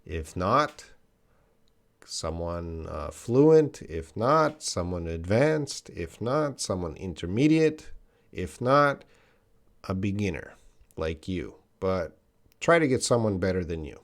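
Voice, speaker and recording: A man's voice: low voice, sing-song, slow pace, creaky. A man, teaching English on a live stream, chatting casually and often restarting his sentences. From Canada. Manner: casual, restarts often, reads viewer comments aloud.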